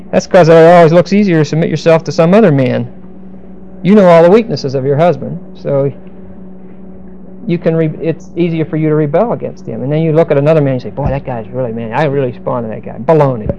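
Dark-toned man teaching a sermon. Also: a little high, moderate pace, gravelly, pauses often, muffled recording, a little hiss or hum. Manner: explains Greek grammar with asides and humor. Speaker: pastor. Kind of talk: verse-by-verse sermon.

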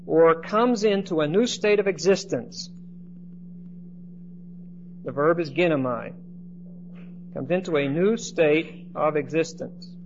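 A man's voice: fairly high pitch, darkish tone. A man teaching a Bible class in lecture style, often checking in with his listeners by asking "okay?". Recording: dull lo-fi recording with faint noise.

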